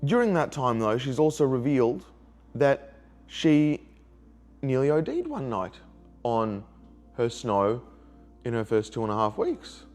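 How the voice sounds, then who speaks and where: A man's voice: medium pitch, very animated, a little slow, pauses often, darkish tone, faint music behind. An upset man, telling a rambling personal story in a video diary and repeating himself when hurt. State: emotionally upset. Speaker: vlogger.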